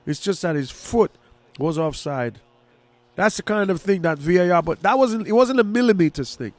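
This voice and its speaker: A fairly high-pitched man calls a football match live like a fan, chatty and quick to get excited over each attack. His voice sits close and dry, with no room sound around it. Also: no room sound. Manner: casual, excitable, rooting for one side. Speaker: fan commentator. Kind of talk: live match commentary and reaction.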